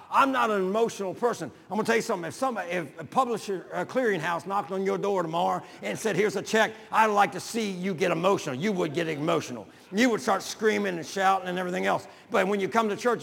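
An older man preaching a folksy sermon to his congregation, building to shouts. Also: high voice, vocal fry, in a large hall. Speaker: pastor.

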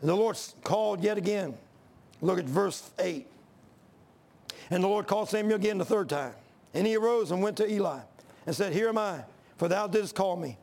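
A man's voice: high-pitched, moderate pace, creaky, a little mellow. A man preaching a sermon, reading scripture and telling folksy stories.

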